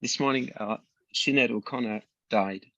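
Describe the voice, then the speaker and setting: A man in an online meeting, speaking hesitantly and haltingly. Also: mid-range voice, a bit bright, no room sound. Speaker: meeting participant. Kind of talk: casual chat. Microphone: video call. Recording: dry, dull call audio.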